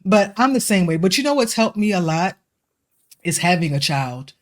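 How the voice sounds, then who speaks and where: A woman's voice: lowish voice, very animated, normal speed. A woman in her forties co-hosting a podcast, telling personal stories in a chatty way and acting out the voices of people she quotes. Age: 40s. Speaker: podcast co-host. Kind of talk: casual chat.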